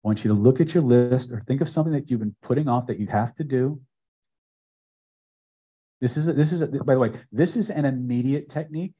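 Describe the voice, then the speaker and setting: An older man teaching a live self-help seminar, speaking emphatically and building phrases up loud before dropping to a hush. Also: mid-range voice, a little fast, husky, poor audio. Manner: emphatic, builds repeated phrases to loud peaks then drops quiet. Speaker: hypnosis and self-help trainer. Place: seminar room with audience.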